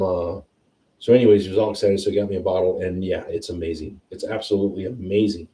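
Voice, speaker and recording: Chatty low-voiced man in an echoey room. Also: fast talker, recorded from a distance, a little hiss or hum. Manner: chatty, rambling, excitable. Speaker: host of a whiskey tasting livestream. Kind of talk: casual tasting chat. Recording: roomy sound, a bit off-mic.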